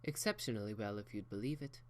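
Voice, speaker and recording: A man's voice: lowish voice, fast talker, natural voice. A man voicing an elegant, proper unicorn mare who speaks in a genteel, theatrical way. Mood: breezy.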